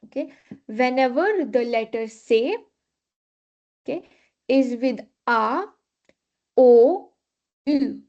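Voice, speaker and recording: A woman's voice: sits high, expressive, slow pace, long pauses, warm tone. A woman teaching a French class, patiently repeating rules and checking in with "okay". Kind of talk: live online class teaching. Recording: dull lo-fi class recording.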